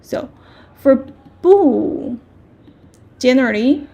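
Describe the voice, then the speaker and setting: Slow, gravelly Chinese-accented woman teacher. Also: sits high, expressive, dark tone, muffled recording. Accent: Mandarin Chinese. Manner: patient, repeats words slowly with clear tones. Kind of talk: language lesson.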